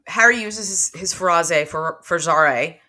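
A woman's voice: fairly low pitch, measured pace, bright, forceful tone. A woman co-hosting a book podcast, recapping the plot and reading dialogue passages aloud with light shifts between characters. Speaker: podcast co-host.

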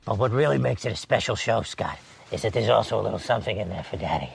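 Brief: man voicing a sleazy, leering male showman; deep gravelly rasp, smug and drawling. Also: lively intonation, fast talker, slight background noise. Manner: leering, self-satisfied drawl. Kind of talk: improv comedy character.

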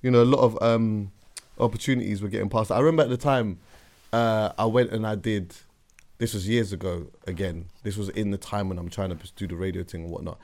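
Guy in his 30s on a podcast, lowish voice that shoots up high when he gets hyped telling a story. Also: brisk. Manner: animated storyteller, voice climbs high and loud when excited. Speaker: podcast co-host. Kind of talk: casual storytelling chat.

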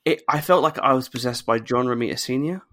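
A man's voice: mid-range voice, fast, fairly bright tone, a little hiss or hum. A man hosting a podcast in casual chat, moving the talk along. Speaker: podcast host.

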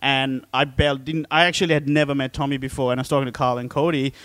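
A comedian guest on a podcast, telling self-mocking stories in casual chat. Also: male voice, mid-range voice, flat delivery, very fast, fairly bright tone, no room sound. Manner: self-deprecating storytelling.

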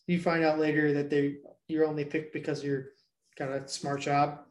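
A man's voice: a little high, little pitch movement, moderate pace, echoey room. A man retelling a movie in casual chat, rambling, swearing freely and doubling back on himself. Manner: rambling, profane, jumps back and forth. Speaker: podcast co-host recapping a movie.

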